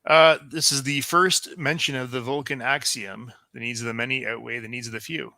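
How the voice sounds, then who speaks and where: A man co-hosting a podcast, reading out trivia facts in a steady, informative way. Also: mid-range voice, moderate pace, creaky, no echo. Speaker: podcast co-host presenting trivia.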